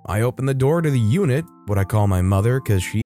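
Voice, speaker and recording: A man reading stories aloud in an expressive, emphatic way, with wry asides. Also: mid-range voice, fast talker, faint music behind. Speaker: story narrator.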